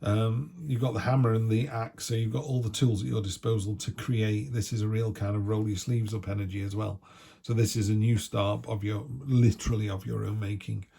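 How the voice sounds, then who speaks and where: Male tarot reader from the United Kingdom, gravelly and husky, chatty with playful asides. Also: lowish voice, level tone, fairly quick, dark tone. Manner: chatty, jokey, acts out little voices. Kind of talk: casual tarot reading.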